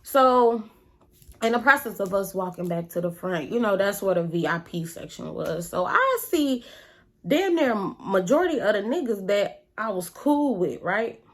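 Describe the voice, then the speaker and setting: A woman vlogger telling a story in a casual, animated, slangy and profane way. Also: mid-range voice, normal speed.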